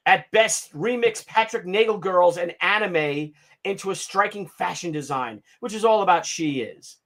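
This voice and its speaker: A man in his fifties hosting a casual livestream, ranting in an animated, sarcastic and profane way. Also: high-pitched, normal speed. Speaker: comic artist hosting a livestream.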